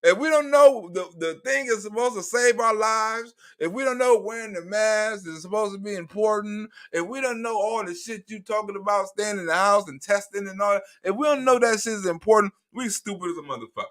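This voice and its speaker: A man's voice: high-pitched, brisk, hardly any pauses, fairly bright tone. A man doing comedic live commentary in a profane, mocking rant. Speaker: livestream commentator.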